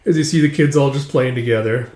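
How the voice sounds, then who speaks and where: A man walks through a comic's story in a loose, chatty way, full of fillers. His voice sits at an ordinary pitch. The room gives it a noticeable echo. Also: brisk, darkish tone. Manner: loose, filler-heavy narration. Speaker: reader retelling a manga. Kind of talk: casual retelling.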